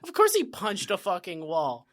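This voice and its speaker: A man co-hosting a comedy podcast in loose, casual chat. His delivery swings widely up and down as he riffs excitably and swears freely. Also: sits high, normal speed. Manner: profane, excitable riffing. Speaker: podcast co-host.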